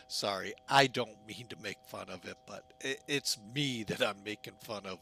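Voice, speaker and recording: A man's voice: lowish voice, normal speed, vocal fry, few pauses, bright, forceful tone, slight background noise. A man giving casual, jokey commentary while setting up a flight simulator, often poking fun at himself. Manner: chatty, jokey, self-mocking.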